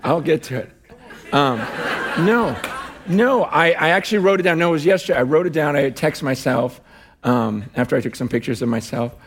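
A man preaching a sermon as a guest, animated and conversational, often saying "like" and laughing. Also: fairly high pitch, normal speed.

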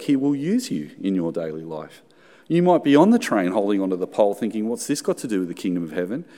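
An Australian man, a pastor, preaching a sermon and telling a personal story in a conversational, animated way. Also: fairly low pitch. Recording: long hall reverb.

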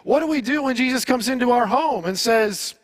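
A man with a notably high voice preaches a sermon in an easy, conversational way. He asks rhetorical questions and speeds up or slows down to stress a point. His voice sounds close and dry, with no room echo. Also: animated. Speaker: pastor.

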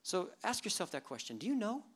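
A pastor giving a church sermon, talking in a lively way, asking the congregation rhetorical questions and dropping joking asides. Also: mid-range voice, fast talker, husky. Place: church service.

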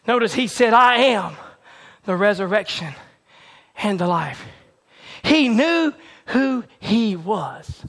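A man preaching a sermon with a repetitive, building cadence that swings between shouted peaks and hushed, near-whispered lines. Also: high voice, animated, slow.

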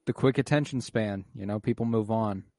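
Low-voiced man, laid-back and sweary. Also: fairly quick, no echo, studio quality. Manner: relaxed, swears casually, enthusiastic. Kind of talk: casual movie discussion.

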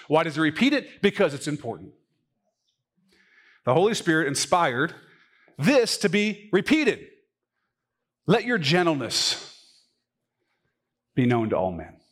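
Animated man preaching a sermon. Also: fairly high pitch, unhurried, long pauses, husky. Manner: animated, rising to emphatic peaks and dropping to quiet asides. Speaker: pastor. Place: church sanctuary.

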